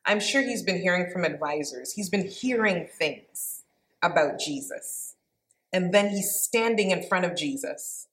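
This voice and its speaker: An earnest woman with a slightly low voice, talking through a Bible passage in a relaxed, conversational way. She reads the verses aloud plainly, then reflects on them as if speaking to a small group. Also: measured pace. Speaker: Bible teacher. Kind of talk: informal devotional Bible teaching with scripture reading.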